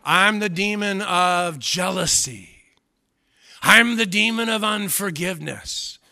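A man voicing a menacing male demon that names sins, in a slow, drawn-out, taunting voice. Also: sits high, gravelly, bright, forceful tone, no room sound, studio quality, pitched above the performer's own voice, full character voice.

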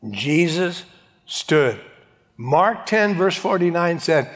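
A pastor preaches a sermon in a fairly high, very animated male voice, taking it slowly. He reads scripture aloud and dramatically acts out its various voices with big swings, all heard through a long hall reverb.

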